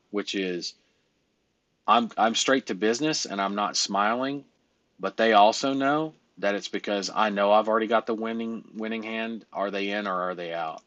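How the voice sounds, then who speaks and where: A man's voice: lowish voice, a bit bright, no room sound, dull audio. A man coaching a trainee in sales over a call, blunt and emphatic, rambling through his points.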